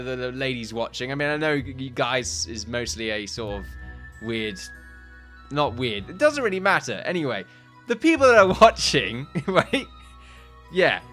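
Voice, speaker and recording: A man chats through his gaming video in a loose, rambling way, often correcting himself and laughing. He sounds a little out of breath, and his voice sits in an ordinary middle range. Soft guitar music plays faintly underneath. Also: mid-range voice, animated, normal speed. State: slightly out of breath. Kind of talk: casual commentary over a time-lapse.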